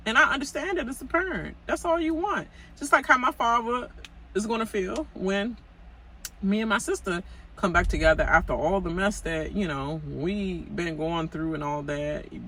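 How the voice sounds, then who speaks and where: A woman's voice: sits low, fairly bright tone, a little hiss or hum, low-quality recording. A woman vlogger recapping a reality show in a casual, gossipy rant, full of fillers and asides aimed at the cast. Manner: gossipy and chatty, many fillers, talks straight to cast members.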